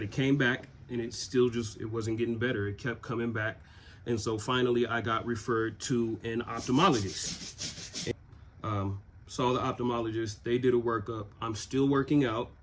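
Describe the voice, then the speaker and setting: A man in his twenties from Southern California, telling a personal story in a relaxed, rambling way with many fillers. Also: on the low side, slight background noise. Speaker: vlogger. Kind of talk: casual storytelling.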